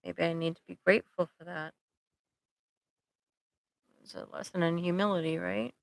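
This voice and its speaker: A woman's voice: on the low side, fairly even intonation, normal speed, vocal fry, no echo, poor audio. A woman therapist hosting a live support stream. She talks casually and conversationally, with frequent "like" and "right?" tags, and speaks straight to her viewers. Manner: directly addresses viewers. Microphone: computer microphone.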